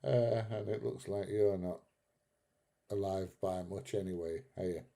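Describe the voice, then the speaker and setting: Blunt, chatty man, low voice. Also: steady tone, a little slow, creaky, mellow. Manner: chatty, blunt, swears, laughs at own jokes. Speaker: live stream host reading chat. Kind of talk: casual live stream chat.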